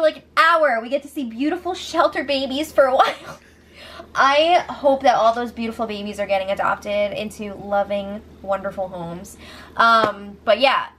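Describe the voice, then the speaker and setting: A woman with a somewhat high voice gives an animated, gossipy recap of a reality show. She speaks casually and swears freely as she tells it. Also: moderate pace.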